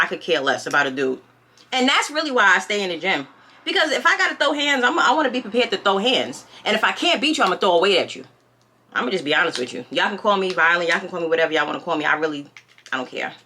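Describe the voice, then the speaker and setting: A woman's voice: medium pitch, bright, forceful tone. A young woman telling a storytime in casual, outspoken, slangy chat as a vlogger.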